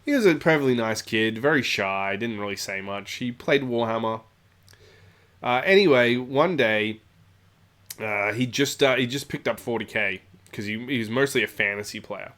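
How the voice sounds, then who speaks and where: A man's voice: medium pitch, normal speed, fairly bright tone. A man telling a casual anecdote about his gaming club, rambling with many fillers and asides. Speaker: storyteller, tabletop channel host.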